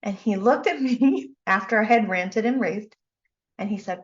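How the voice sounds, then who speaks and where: A woman coach giving a motivational talk, telling a personal story with emphatic, animated delivery. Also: medium pitch, normal speed, dull audio. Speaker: life coach and speaker.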